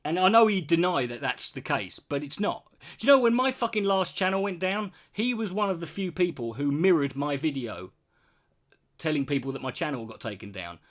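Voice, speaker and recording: Profane British man ranting. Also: medium pitch. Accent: British English. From Britain. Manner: blunt, profane, sarcastic. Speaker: streamer answering chat. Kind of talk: casual ranting chat.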